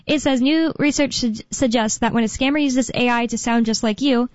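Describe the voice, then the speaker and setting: Woman talk radio host, rambling casual chat, fairly high voice, dry dull lo-fi sound. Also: fairly quick, dry recording. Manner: chatty, rambling, laughs often.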